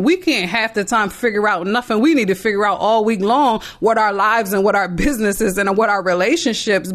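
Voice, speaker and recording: A middle-aged mother giving earnest, emphatic advice to other parents in a conversational talk. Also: mid-range voice.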